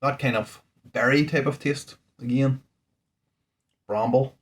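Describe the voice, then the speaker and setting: A man's voice: mid-range voice, fairly even intonation, slow, slightly rough. A man, a home brewer, talking casually through a beer tasting in a rambling, thinking-aloud way, indoors at home. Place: indoors at home under a ring light.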